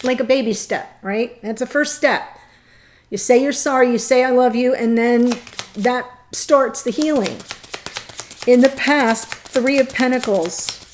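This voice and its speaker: A woman with a voice a little on the high side, giving a tarot reading in a monologue. She talks straight to her viewers, earnest and thinking aloud, with pauses between short phrases. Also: slight background noise. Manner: addresses viewers directly. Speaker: tarot reader.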